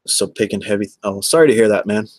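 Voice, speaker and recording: A man's voice: on the low side, fast talker, no room sound. A man, chatting casually on a livestream and answering viewers by name in a rambling way. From Texas.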